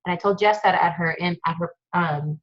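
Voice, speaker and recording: A woman's voice: on the low side, moderate pace, lo-fi sound. A woman hosting a webinar in a casual, chatty, gushing way. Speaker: webinar host.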